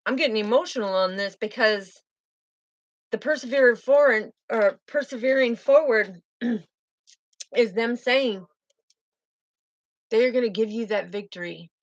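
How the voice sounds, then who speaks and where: A woman's voice: a little high, measured pace, long pauses, no room sound, dull audio. A woman giving a spiritual tarot reading in a fervent, emotive way, often repeating herself. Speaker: tarot reader.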